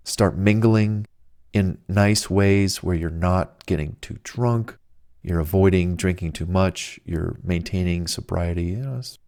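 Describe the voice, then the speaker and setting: Chatty salesman-style male author, deep voice, dry close mic. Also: vocal fry, darkish tone, no room sound. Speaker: author reading and riffing on his own book. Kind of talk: casual advice monologue.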